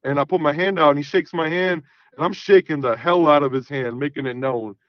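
A man's voice: fairly high pitch, brisk, no room sound. A man telling a story casually on a podcast, swearing freely and acting out the dialogue. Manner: profane, animated, acts out quoted dialogue. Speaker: podcast guest. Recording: dull, dry sound.

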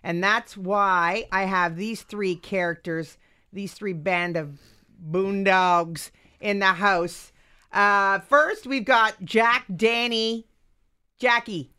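A woman's voice: medium pitch, sharp tone. A middle-aged woman hosting a radio comedy talk show, playful and gushing as she introduces her guests. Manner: gushing and playful, laughs easily. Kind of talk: casual radio chat. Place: radio studio.

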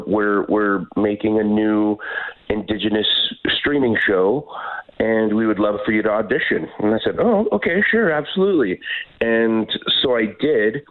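A man from Canada in his thirties, a guest actor on a phone interview, telling stories in a lively, laughing way with frequent restarts. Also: fairly low pitch. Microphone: phone line. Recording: tinny phone line.

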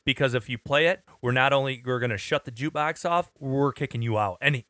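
A man's voice: medium pitch, brisk, pushed and bright, no room sound. A man co-hosting a podcast, telling stories casually with blunt, wisecracking remarks. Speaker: podcast co-host. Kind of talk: casual chat, storytelling.

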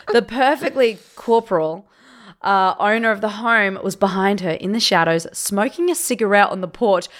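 A woman's voice: mid-range voice, normal speed, hardly any pauses. A woman co-hosting a podcast, chatting casually and reading listener stories aloud, slightly hungover. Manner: chatty, animated storytelling with laughs. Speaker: podcast co-host.

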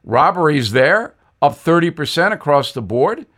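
A man's voice: a little high, big pitch swings, moderate pace, fairly bright tone. An older man hosting a news commentary show, telling a wry satirical tale with emphasis. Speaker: host.

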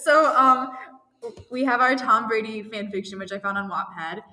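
A woman's voice: a little high, moderate pace, pushed and bright. Giggly young woman in an echoey room. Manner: giggly, rambling, lots of "like" and "um". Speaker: podcast co-host. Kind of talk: casual chat, reading fan fiction aloud.

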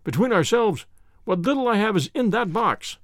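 A man's voice: expressive, moderate pace, no room sound, clean studio sound. A man voicing a fat, frightened middle-aged man with a reedy, quivering, nervous voice. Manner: nervous, pleading, high-strung.

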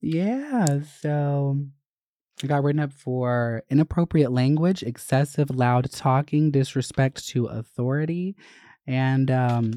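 A young adult vlogger telling a school story in a profane, animated, gossipy way. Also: medium pitch, unhurried, no room sound. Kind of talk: casual storytelling.

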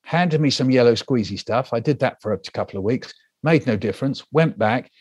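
A man's voice: mid-range voice, brisk, slightly rough, no echo. Older man telling a story vividly. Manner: animated storyteller acting out quoted voices. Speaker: guest author. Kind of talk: storytelling interview answer.

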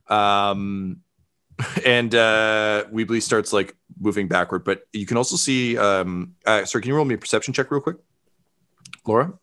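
A man's voice: fairly low pitch, moderate pace, pushed and bright. A man narrating as game master, telling the story in a loose style full of fillers.

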